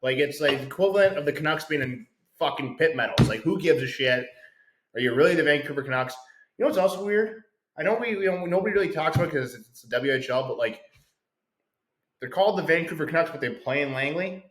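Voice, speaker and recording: A man co-hosting a casual sports podcast, talking in a rambling, excitable way and swearing freely. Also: on the high side, quick pace. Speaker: podcast co-host. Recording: echoey room.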